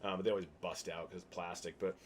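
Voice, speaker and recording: A man's voice: deep voice, little pitch movement, fast. A young man telling stories in casual chat, ranting and swearing freely. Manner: profane, ranting storyteller. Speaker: podcast guest. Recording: faint background noise.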